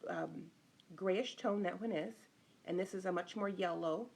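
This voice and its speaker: A woman's voice: on the low side, measured pace, darkish tone. Chatty woman teaching a live design lesson. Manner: chatty, greets viewers by name mid-talk. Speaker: interior designer hosting a live stream. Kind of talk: casual live-stream design tutorial.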